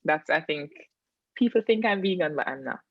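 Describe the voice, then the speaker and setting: A woman's voice: low-pitched, expressive, moderate pace, vocal fry, dry recording. Jamaican woman on dull, dry call audio. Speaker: interview guest. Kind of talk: casual interview chat.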